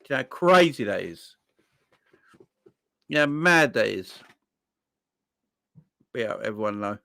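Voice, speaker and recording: A young man hosting a fan live stream, swearing and exasperated, with his voice swinging between loud and quiet. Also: medium pitch, animated, measured pace, vocal fry, no room sound. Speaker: football fan channel host. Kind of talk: casual live-stream rant.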